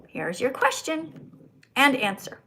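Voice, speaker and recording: A woman hosting a live stream, talking to callers like a teacher who lectures and corrects them. Her voice sits a little high. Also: wildly swooping pitch, measured pace, pushed and bright, slight background noise. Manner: schoolteacher-like, scolding and instructing; says her own voice is annoying. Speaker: livestream host.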